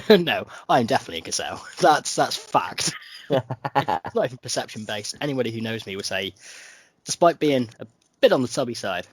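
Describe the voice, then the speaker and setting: A man's voice: medium pitch, big pitch swings, fairly quick, slight background noise. A man co-hosting a casual podcast, joking about himself and laughing often. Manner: jokey, self-mocking, laughs often. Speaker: podcast co-host. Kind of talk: casual chat.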